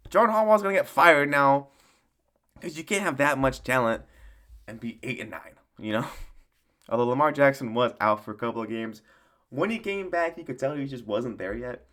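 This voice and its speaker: A man's voice: medium pitch, animated, moderate pace, a bit bright. A man giving a casual, profane sports recap rant in a rambling, mocking way, often laughing at his own jokes. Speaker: sports commentator.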